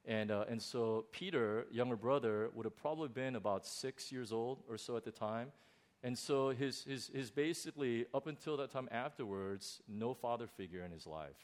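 Middle-aged male pastor, lively storytelling sermon voice, frequent false starts. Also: mid-range voice, moderate pace. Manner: animated storytelling with many restarts. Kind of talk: sermon testimony.

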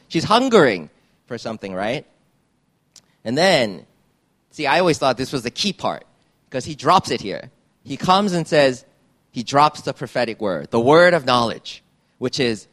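A man's voice: mid-range voice, big pitch swings, normal speed. Man preaching a casual sermon. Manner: casual, rambling, frequent "right?" and restarts. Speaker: pastor. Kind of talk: conversational sermon.

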